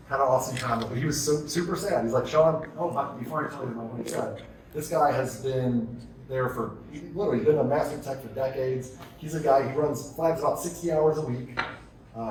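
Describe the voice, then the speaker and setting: A man's voice: medium pitch, fairly quick, crowd noise. A man giving a live talk to an audience, telling stories and firing off rhetorical questions. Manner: energetic storytelling with rhetorical questions. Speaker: keynote speaker. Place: large conference hall. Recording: echoey hall, distant mic.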